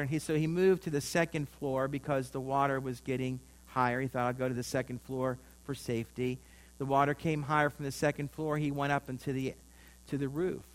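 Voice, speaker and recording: A man's voice: on the high side, a bit bright. A man preaching a sermon, telling a story with rising and falling emphasis.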